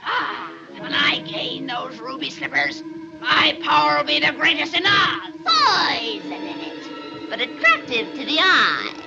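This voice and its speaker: A woman playing a menacing, spiteful wicked witch in a 1930s film, with a cackling, gravelly voice. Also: high-pitched, big pitch swings, measured pace, exaggerated voice. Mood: gloating. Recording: dull old film soundtrack with music.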